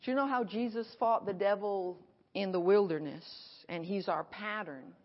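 A woman pastor preaching an animated sermon at a conference and acting out her dialogue, recorded in an echoey hall. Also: mid-range voice, normal speed. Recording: echoey hall, dull sound.

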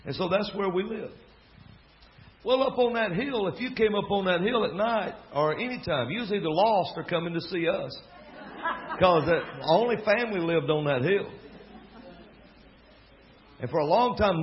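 A man with a Southern US accent, a preacher telling a family story in a folksy, animated way with laughing asides. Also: fairly high pitch. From American South. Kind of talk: storytelling sermon. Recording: dull lo-fi recording with faint crowd and noise. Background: faint audience laughter.

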